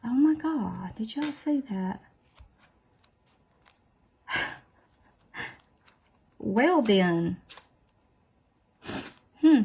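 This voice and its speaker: Lady doing her nails on video, gravelly voice, keeps laughing at herself. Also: a little high, lively intonation, drawn-out words, long pauses, a little mellow. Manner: chatty, self-deprecating, exclaims often. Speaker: nail tutorial host. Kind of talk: casual chat while doing nails.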